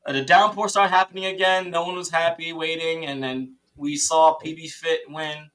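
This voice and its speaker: A man tells a long story on a podcast in a casual, excited way. His voice is bright and sits a little high, and he often stops and restarts his sentences. He breaks into laughs and quick impressions of his teammates as he goes. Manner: quotes teammates in lively voices. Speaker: podcast guest, paintball player.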